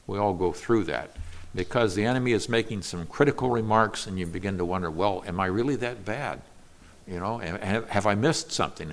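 Man, fairly low voice, earnest bible teaching, patient explaining. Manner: earnest, explanatory, with small restarts.

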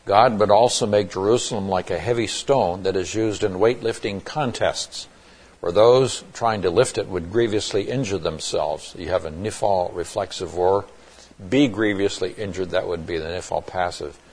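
A man's voice: low-pitched, moderate pace, a little mellow, slightly rough. A man teaching through a Bible passage in an explanatory way, often restarting phrases and adding emphatic asides.

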